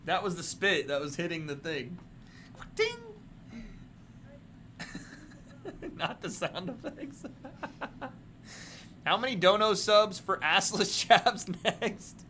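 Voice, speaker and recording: Bright-voiced, excitable male streamer. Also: sits high, slow pace, long pauses, a little hiss or hum. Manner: excitable, jokey, reads out donations. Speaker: livestream host. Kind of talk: casual livestream chat and fight reactions.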